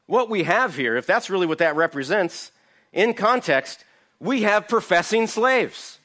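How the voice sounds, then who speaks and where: A man's voice: sits high, expressive, unhurried, pushed and bright. A man giving an emphatic verse-by-verse Bible teaching, asking his listeners questions. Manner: emphatic, asks the audience rhetorical questions.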